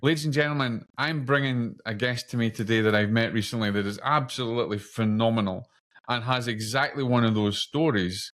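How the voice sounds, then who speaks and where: A man's voice: medium pitch, fairly quick, a bit bright. A man with a Scottish accent hosting a podcast, building up his introduction with dramatic "imagine" appeals. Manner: dramatic rhetorical build-ups, repeated "imagine". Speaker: podcast host. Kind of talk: casual interview podcast.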